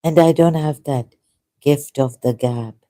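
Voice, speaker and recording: A leisurely, unhurried speaker with a soft, mellow tone. The talk wanders, hesitates and often turns modest and self-deprecating in a casual conversation. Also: mid-range voice. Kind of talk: casual debate chat.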